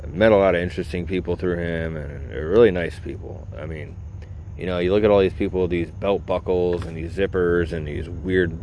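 A man's voice: deep voice, darkish tone, a little hiss or hum. A man hosting a podcast, telling a rambling casual story full of fillers and acted-out asides. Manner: acts out his own reactions in quoted asides. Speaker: podcast host.

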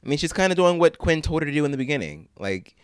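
A man co-hosting a podcast in casual chat, ranting with exasperated, animated swings. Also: on the high side, quick pace, smooth, no room sound, clean studio sound. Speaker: podcast co-host.

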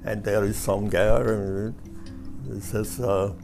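Older man, slow and halting. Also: fairly low pitch, level tone, creaky, darkish tone, faint music behind. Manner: halting, repeats words while telling jokes. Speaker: father telling jokes. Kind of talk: casual family joke-telling.

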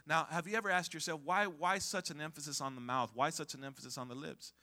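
A high-voiced man preaches from the pulpit in a piercing, ringing tone. He calls out to the congregation for answers and keeps swinging between hushed stretches and loud peaks. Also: steady tone, fast, few pauses. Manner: stumbles and repeats words when worked up. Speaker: pastor. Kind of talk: sermon.

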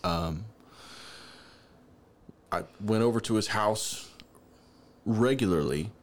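A man with a low voice tells a story in a relaxed, casual chat. He is an animated storyteller, and his voice leaps upward when he acts out his own younger self. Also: slow pace. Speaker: podcast co-host.

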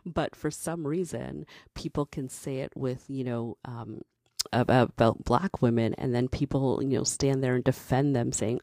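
A woman talks straight to the listener in a casual, opinionated commentary. Her voice is mellow and warm with a gravelly edge. She is candid and passionate, and she builds steadily toward emphatic points. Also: a bass voice, steady tone, normal speed, no room sound, studio quality.

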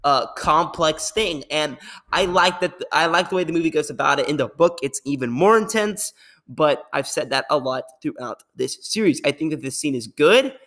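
A young man hosting a podcast, talking casually in a rambling, animated way and laughing often. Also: on the high side, normal speed. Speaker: podcast host.

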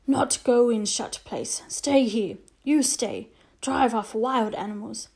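A woman doing a terse, calm little warrior. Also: a little high, vocal fry, exaggerated voice. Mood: insistent. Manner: clipped broken speech, slow and firm. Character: small male Native warrior, calm, terse, proud.

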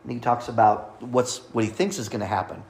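A man's voice: medium pitch, fairly quick, a little mellow. A man preaching a sermon, explaining scripture and the names of God with light asides to his listeners. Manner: teaching, reading scripture aloud, light asides.

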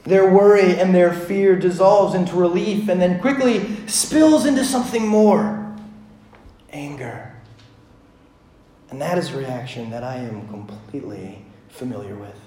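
A pastor in his thirties preaches in an echoey room, telling a family story conversationally with plenty of fillers and shifting between hushed and loud passages. His voice is high and unhurried, and a little hiss or hum is audible.

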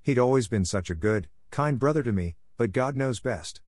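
A stern, reserved older woman offers quiet, restrained comfort, voiced by a male narrator in a raised voice. This is a storybook read-aloud with dry sound. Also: mid-range voice, animated, moderate pace, no room sound, voice pushed up, close to an everyday voice.

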